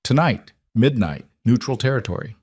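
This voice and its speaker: A man's voice: mid-range voice, lively intonation, moderate pace, a little mellow, husky, no echo, studio quality, pitched above the performer's own voice. A man voicing a grim, protective male mafia boss who speaks in clipped sentences. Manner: terse, clipped statements.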